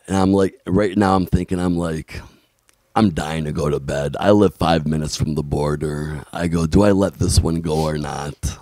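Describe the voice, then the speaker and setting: Deep, gravelly man telling a story. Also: normal speed, no echo. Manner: animated, acts out other people's lines; blunt, swears casually. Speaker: podcast guest. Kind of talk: storytelling in a podcast interview.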